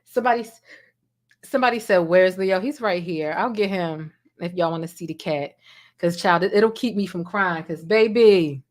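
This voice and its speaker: A woman's voice: on the low side, normal speed. A woman hosting a casual late-night livestream, speaking emotionally and directly to her viewers on a desk microphone. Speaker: celebrity gossip livestream host.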